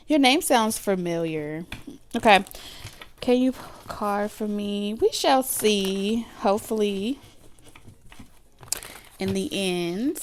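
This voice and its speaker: A woman hosting a live tarot reading stream, greeting viewers by name in a relaxed, chatty way with casual slang. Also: mid-range voice, slow, pauses often, a little hiss or hum.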